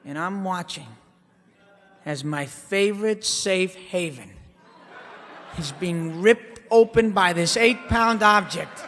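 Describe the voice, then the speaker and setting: A man performing a comic stage monologue in a theater, telling his story with animated swings between loud and hushed delivery. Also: high-pitched, slow pace. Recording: live hall reverb, faint background noise.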